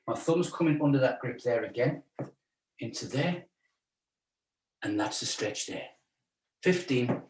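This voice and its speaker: Chatty man coaching a stretch class. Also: medium pitch. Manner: chatty, jokey coaching with counted holds. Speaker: fitness instructor. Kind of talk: guided stretch class instruction. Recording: roomy sound from a distance.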